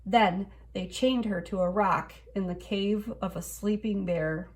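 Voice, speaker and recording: A woman reading a children's picture book aloud in an expressive storytelling way. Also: medium pitch, measured pace. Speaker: storybook reader.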